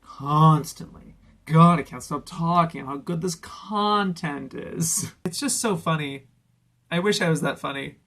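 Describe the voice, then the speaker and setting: A man giving a comedic reaction rant about anime videos, gushing and excitable, swearing often. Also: a little high, unhurried. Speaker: anime YouTube reviewer.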